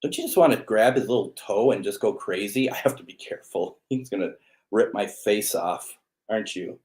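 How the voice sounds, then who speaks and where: Guy with a lowish voice doing a live spirit box stream, talks to the spirits and his cat all casual. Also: animated, normal speed, a little mellow. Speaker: host.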